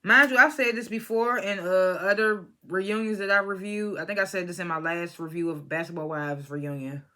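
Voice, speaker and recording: A young adult vlogger reviews a reality show reunion in loose, blunt commentary, full of swearing and side-tracks. The voice sits at a middling pitch with a bright, sharp edge. The talk wanders, restarts and circles back on its points. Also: fairly even intonation, moderate pace. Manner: blunt, opinionated, profane; rambling with restarts and asides. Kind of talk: casual vlog commentary.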